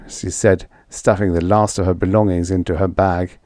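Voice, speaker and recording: A man narrating a vintage science fiction short story in expressive storytelling style. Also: low voice, normal speed, hardly any pauses, no room sound, studio quality. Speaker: audiobook narrator.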